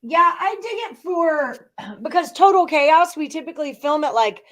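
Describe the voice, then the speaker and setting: A woman's voice: sits high, expressive, normal speed. Chatty woman hosting a betting stream. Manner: chatty, laughs easily, greets viewers. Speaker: sports betting show host. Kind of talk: casual live-stream chat.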